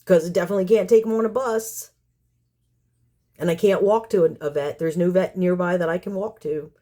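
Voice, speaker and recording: A woman's voice: lowish voice, fairly even intonation, brisk, mellow. Exasperated woman ranting to viewers. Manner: exasperated, sarcastic, full of rhetorical questions; rambling with repeated phrases. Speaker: community cat caretaker and channel host. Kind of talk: vlog rant to viewers.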